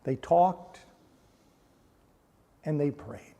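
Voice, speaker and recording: Middle-aged male pastor, fairly high mellow voice, storytelling sermon with hushed solemn turns. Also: extremely slow. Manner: hushes to a near-quiet voice at solemn points. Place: church sanctuary.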